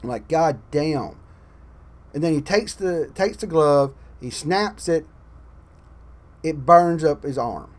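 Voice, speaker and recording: A man ranting about a film in casual online commentary, swearing often and swinging between loud outbursts and muttered asides. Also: fairly high pitch, a little slow. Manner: profane, exasperated ranting; animated, swings loud and soft. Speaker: channel host.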